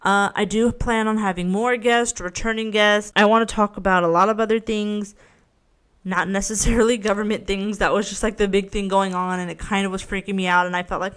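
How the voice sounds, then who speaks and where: A woman's voice: medium pitch, steady tone, brisk, fairly bright tone, smooth. A woman hosting her own podcast in a casual solo rant, rambling, frank and swearing freely, often poking fun at herself. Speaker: podcast host.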